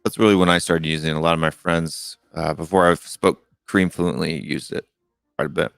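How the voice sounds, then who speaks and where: A man's voice: deep voice, steady tone, fairly quick, gravelly, fairly bright tone, clean tone, dry recording, studio quality. A middle-aged man hosting a live call-in show, chatting casually and rambling with many fillers and restarts. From United States. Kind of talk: casual live-stream chat.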